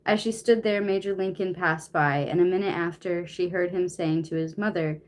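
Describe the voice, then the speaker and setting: A woman's voice: lowish voice, normal speed, hardly any pauses. A young woman reading a novel aloud on a stream, flustered, swearing casually and out of breath. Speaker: reader.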